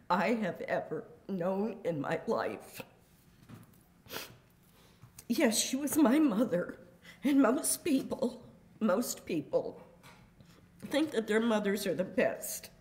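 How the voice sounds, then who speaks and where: An older woman reading a prepared statement in a courtroom, grave and deliberate, with measured emphasis on each word. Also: medium pitch, darkish tone. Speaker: victim's daughter giving a statement.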